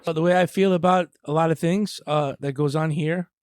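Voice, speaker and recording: A man's voice: fairly high pitch, steady tone, a little fast, smooth, no room sound, studio quality. A man co-hosting a podcast, joking and teasing in casual chat. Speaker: podcast co-host.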